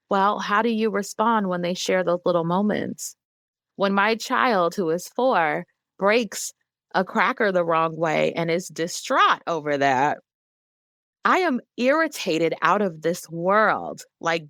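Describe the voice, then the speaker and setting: A woman in her thirties, a guest on an interview show, speaking candidly and earnestly, growing animated when she quotes other people. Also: medium pitch, unhurried, dry recording, studio quality. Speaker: guest, emotional wellness advocate.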